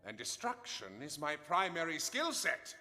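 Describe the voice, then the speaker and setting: A man's voice: a little high, big pitch swings, measured pace, sharp tone, heavily acted. An actor playing a boastful, grandiose male warrior hero who speaks in pompous, theatrical declarations. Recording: game audio with reverb and music.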